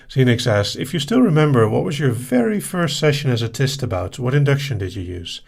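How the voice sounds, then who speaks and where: A man hosting a live session, reading listener questions aloud and answering them in a relaxed, casual way. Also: mid-range voice, brisk, gravelly, breathy edge. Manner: relaxed, reads out questions then answers briefly.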